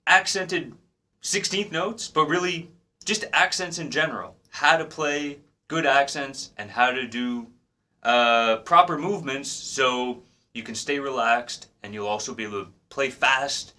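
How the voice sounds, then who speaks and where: A man giving a casual drum lesson, explaining technique in a relaxed way and counting beats aloud. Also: medium pitch, measured pace. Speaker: drum teacher. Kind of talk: casual instructional talk. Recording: drums clearly heard behind the voice. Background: drum playing.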